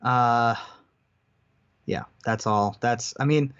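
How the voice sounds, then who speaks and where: A man's voice: medium pitch, slow, a bit bright, smooth. A man commentating a card game tournament live, giving analytical play-by-play. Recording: dull lo-fi stream audio.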